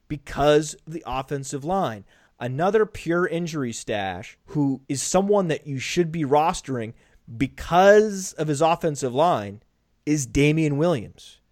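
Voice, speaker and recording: A man hosting a podcast in casual analytical chat, brisk and stats-heavy with jokes thrown in. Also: fairly high pitch, animated, no room sound, studio quality. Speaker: podcast host.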